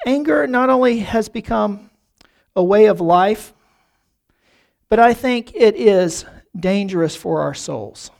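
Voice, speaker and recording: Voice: medium pitch, lively intonation, slow pace, creaky, a little mellow. A pastor preaching a sermon in a church, talking earnestly and often doubling the first word of a phrase. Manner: earnest, repeats words while starting phrases.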